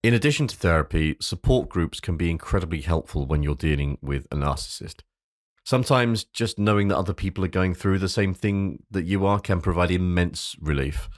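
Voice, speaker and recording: A man's voice: deep voice, lively intonation, brisk, dry recording, studio quality. A man hosting a solo advice podcast. He reads from a script, stumbles over repeated words, and drops into casual asides, sometimes with a swear. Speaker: podcast host.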